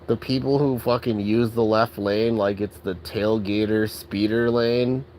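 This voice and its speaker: A man's voice: on the low side, fairly even intonation, unhurried, darkish tone, a little hiss or hum, low-quality recording. A man ranting angrily and profanely in a casual vlog, exasperated and full of filler words. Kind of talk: angry rant.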